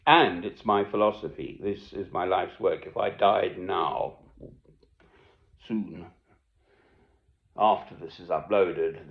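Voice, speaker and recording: Older man, low gravelly voice, rambling and musing to camera, recorded tinny. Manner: musing, wandering, swings between loud and hushed. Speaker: self-made video speaker. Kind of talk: rambling personal monologue. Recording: echoey room, tinny phone-like sound.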